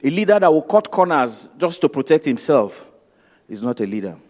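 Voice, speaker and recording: A man with a Nigerian accent gives a motivational talk, telling stories and acting out dialogue with emphatic repetition. His voice is a little high and a little mellow, with big pitch swings at a normal speed. A long hall reverb surrounds the recording.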